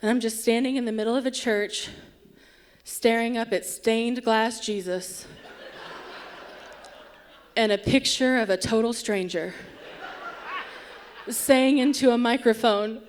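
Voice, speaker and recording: A woman spins a wry, self-deprecating tale on a theatre stage, taking her time over each line. Her voice sits a little high. A faint hiss runs under the recording. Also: unhurried, long pauses. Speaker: storyteller. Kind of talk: live comic storytelling.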